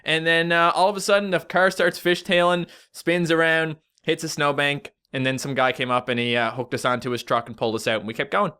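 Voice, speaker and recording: A man's voice: a little high, flat delivery, a little fast, few pauses, pushed and bright, clear, resonant tone. A young Canadian man with a Canadian accent, chatting casually and jokingly as he reads and answers viewer tweets. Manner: chatty, joking, rambling asides. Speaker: YouTuber. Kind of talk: casual vlog reading tweets.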